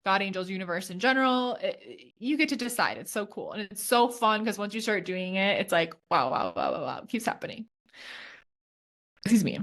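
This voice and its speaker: A woman co-hosting a podcast, telling stories in a lively, chatty way with lots of fillers. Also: medium pitch, brisk. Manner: animated storyteller, lots of fillers. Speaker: podcast co-host. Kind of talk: casual chat.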